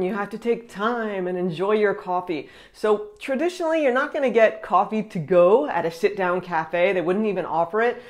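A woman giving casual, friendly tips in a travel vlog, dropping in short French phrases. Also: medium pitch. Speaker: travel vlogger.

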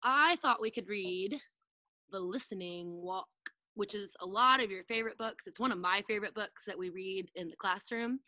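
A woman's voice: medium pitch, normal speed, sharp tone, no room sound. A woman preschool teacher reading a picture book aloud to children over a video call, playfully acting out sound effects and asking them to join in.

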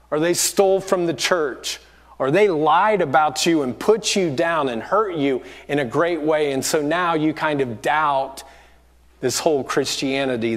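High, lively male pastor preaching. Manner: storytelling, acting out quoted voices. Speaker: lead pastor. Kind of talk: sermon. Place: church auditorium.

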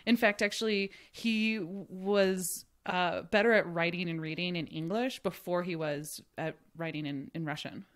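A woman's voice: on the low side, steady tone, moderate pace, hardly any pauses. A woman hosting a casual podcast chat, laughing often and using lots of fillers as she tells the story. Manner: giggly, chatty, lots of fillers. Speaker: podcast host presenting the topic.

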